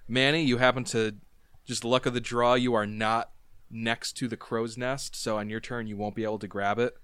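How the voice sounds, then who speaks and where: A man with a smooth, clear voice runs a tabletop game, laying out rolls and rules in a relaxed way. He laughs easily and fills his explanations with "uh" and "like". The sound is close and dry. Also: mid-range voice, normal speed, no echo. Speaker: game master. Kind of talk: running a tabletop game, casual.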